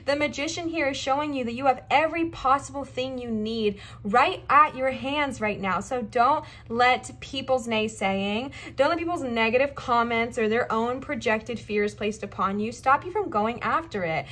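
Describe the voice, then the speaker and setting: A young woman doing a casual tarot card reading, talking straight to her viewers. She sounds chatty and emphatic, repeats her encouragements and slips in little asides. Her voice sits fairly high. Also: moderate pace, few pauses, a bit bright. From Southern United States.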